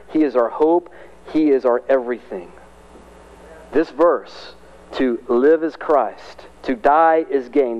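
Animated preacher with a muffled sound. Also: male voice. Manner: animated, rises high and loud when excited, conversational asides. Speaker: pastor. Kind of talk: sermon.

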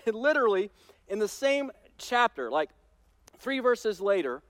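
A man pastor preaching a sermon in a conversational, animated storytelling way with touches of humor. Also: high-pitched, dry recording.

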